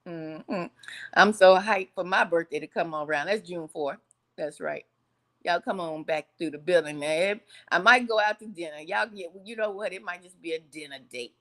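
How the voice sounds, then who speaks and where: A woman's voice: fairly low pitch, animated, normal speed. A woman hosting a casual vlog, talking straight to viewers, laughing often and slipping into a preacher-like cadence. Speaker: channel host.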